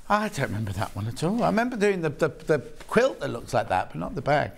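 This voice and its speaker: Man, British accent, shopping channel host, slightly high voice, chatty, rambling, TV studio. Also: big pitch swings, quick pace, gravelly. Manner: chatty, rambling, self-mocking asides. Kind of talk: live TV shopping chat.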